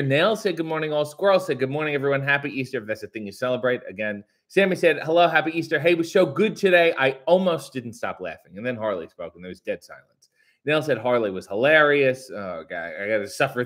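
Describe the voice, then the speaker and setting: Sarcastic man reading out chat comments. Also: medium pitch. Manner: sarcastic, crude, mock-grumpy asides; reads comments in a brighter, louder voice. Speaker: host reading viewer comments. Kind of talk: casual live-stream chat.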